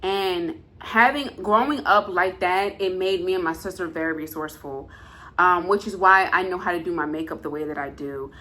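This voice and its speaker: A woman's voice: fairly low pitch, moderate pace, pushed and bright. A young woman vlogger talking heartfelt and casual to her viewers, earnest and emphatic, repeating phrases with many fillers, at times close to tears. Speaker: food vlogger. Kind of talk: heartfelt casual talk to camera.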